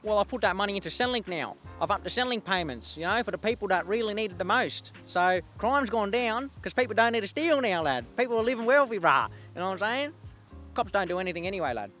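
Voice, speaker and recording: A man's voice: high voice, lively intonation, quick pace, fairly bright tone, faint music behind. A man with an Australian accent playing a brash young eshay street lad who became prime minister, talking in cocky, slangy swagger. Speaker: comedy sketch creator. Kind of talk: comedy sketch character.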